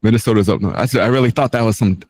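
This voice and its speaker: A man's voice: on the low side, rapid-fire, darkish tone, no echo. A man guesting on a podcast, laid-back and self-mocking, laughing at himself as he talks. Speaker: podcast guest, beginner stand-up comic. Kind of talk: casual podcast banter.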